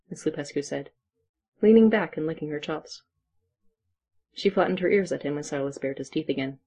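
Husky, mellow storybook narrator. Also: medium pitch, fairly quick, pauses often.

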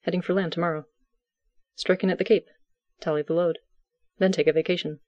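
A calm, low-key fishing captain who speaks quietly and plainly, as a storyteller puts him on. The voice sits in a middle range with a dry, close sound. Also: brisk, no echo, highs cut off, close to an everyday voice. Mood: warm, content. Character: steady, quiet male fisherman captain. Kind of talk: audiobook character voice.

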